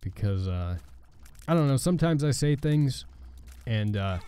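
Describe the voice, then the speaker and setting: A man hosting a gaming channel, chatting casually and rambling with halting, sarcastic asides over gameplay. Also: medium pitch, animated, warm tone, a little hiss or hum.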